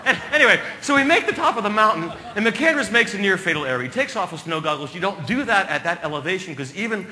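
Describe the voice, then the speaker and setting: Male keynote speaker, comic storyteller, highish lively voice, light background noise. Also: fast, hardly any pauses. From New Jersey. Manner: animated, comic storytelling with sudden loud bursts.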